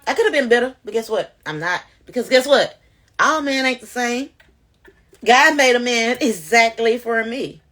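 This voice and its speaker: Woman vlogger, bright and forceful voice, pitched a little high, preaches straight to viewers. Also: moderate pace. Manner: animated, preachy, addresses viewers directly. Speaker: vlogger sharing testimony. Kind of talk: casual spoken testimony to camera.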